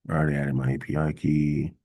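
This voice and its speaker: A man hosting a casual coding workshop, thinking aloud in a halting way with many fillers and mild exasperation. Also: very deep voice, little pitch movement, dark tone. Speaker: workshop host. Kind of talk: casual screen-share coding walkthrough.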